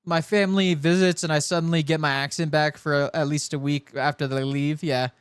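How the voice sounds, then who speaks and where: A young man from California streaming a game, chatting in a rambling way and talking with a soft put-on Southern cowboy drawl. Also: a little high, steady tone, brisk, clear, resonant tone. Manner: rambling, chatty, self-interrupting. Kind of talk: casual live-stream chat while gaming.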